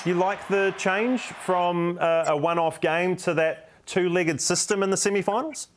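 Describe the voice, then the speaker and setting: A man's voice: high voice, steady tone, normal speed, a little hiss or hum. A man with a New Zealand accent hosting a football show, asking friendly, upbeat questions. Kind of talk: casual interview hosting.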